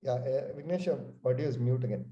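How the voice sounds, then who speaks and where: In an echoey room with dull audio, a man runs an online sales training workshop over a video call. His mid-range voice has a warm tone and a quick pace, and he keeps things conversational, often saying "okay" and "you know".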